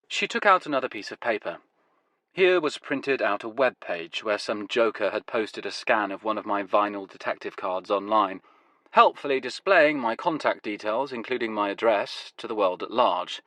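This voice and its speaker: A man reading a first-person story aloud in a wry, deadpan way. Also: lowish voice, normal speed, no room sound. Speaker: audiobook narrator. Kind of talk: first-person scripted narration.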